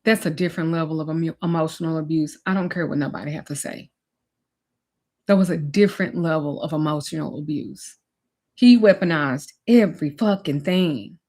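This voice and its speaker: A woman's voice: deep voice, normal speed, mellow. A middle-aged woman, a spiritual teacher and life coach, telling her own story in a candid, emotional and blunt way, swearing now and then and speaking straight to her listeners.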